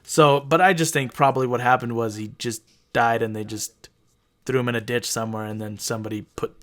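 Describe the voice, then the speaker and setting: A man's voice: mid-range voice, steady tone, a little fast, fairly bright tone. A man co-hosting a comedy podcast, reading out a story from notes and then riffing casually, with swearing and laughter. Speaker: podcast co-host. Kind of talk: casual chat and reading stories.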